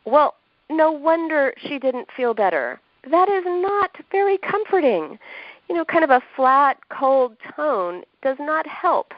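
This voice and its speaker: A woman's voice: high-pitched, big pitch swings, measured pace, no echo. Woman guest giving advice on a muffled line. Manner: warm, explanatory, acts out quoted speech with laughs. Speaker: doctor and author, interview guest. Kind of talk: advice in a podcast interview. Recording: dull lo-fi sound.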